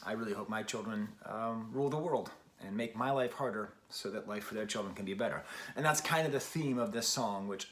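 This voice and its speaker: A man's voice: mid-range voice, fairly bright tone. A man in his forties giving a casual, rambling album review, often restarting his sentences and poking fun at himself. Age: 40s. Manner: rambling, self-deprecating, frequent restarts.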